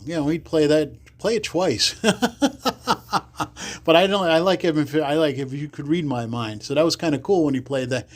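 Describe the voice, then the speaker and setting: A man's voice: a little high, normal speed. A man from the Bronx, a podcast guest telling rambling stories and acting out the people he quotes. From the Bronx, New York. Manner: rambling, acts out quoted people in livelier voices. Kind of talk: casual storytelling interview.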